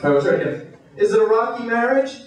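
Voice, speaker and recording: A man doing stand-up with crude deadpan one-liners, his fairly high voice swinging widely in pitch. He is caught from a distance on a handheld mic in a very echoey hotel club. Loud audience laughter fills the room behind him. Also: fairly quick. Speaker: stand-up comedian. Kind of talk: stand-up comedy set. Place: hotel comedy club stage, indoors. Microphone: handheld stage mic.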